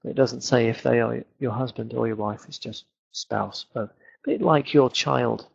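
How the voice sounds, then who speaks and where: A man's voice: medium pitch, moderate pace, vocal fry, breathy edge, highs cut off. A British man teaching English in a webinar lesson, explaining points and repeating words to show where the stress falls. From Britain.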